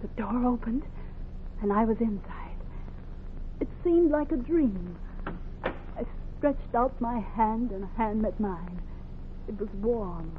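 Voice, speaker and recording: A young enslaved woman fleeing north, earnest and defiant, in a vintage radio play. Her voice sits high. It comes through a thin, tinny old radio recording. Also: takes it slowly, long pauses, a little hiss or hum. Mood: breathless. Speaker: narrator and lead. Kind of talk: 1950s radio drama acting.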